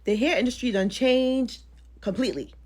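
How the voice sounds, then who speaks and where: Fast-talking woman hairstylist. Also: fairly high pitch, darkish tone. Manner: fast, talkative, rambling. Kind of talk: casual talking-head commentary.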